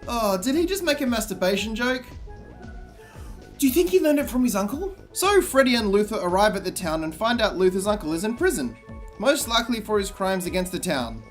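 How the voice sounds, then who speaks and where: A man giving sarcastic, comedic commentary on a game, with exasperated and deadpan asides. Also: high-pitched, fairly quick, faint music behind.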